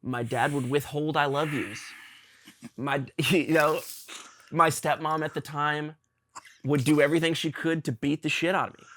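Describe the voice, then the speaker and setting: A young man hosting a podcast, talking earnestly and confessionally with his father, halting with ums and restarts. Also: a little high, fairly bright tone. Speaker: podcast host. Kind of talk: emotional conversation with his father.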